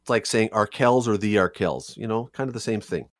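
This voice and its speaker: A man's voice: fairly low pitch, brisk, very noisy. A man hosting a talk radio show, chatty, with joking asides. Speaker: radio podcast host.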